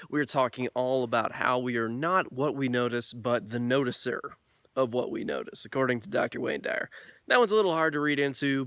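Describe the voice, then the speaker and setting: A man's voice: medium pitch, fairly bright tone, no echo. A man hosting a self-help video, explaining casually and chatting loosely, with lots of "like" and "you know".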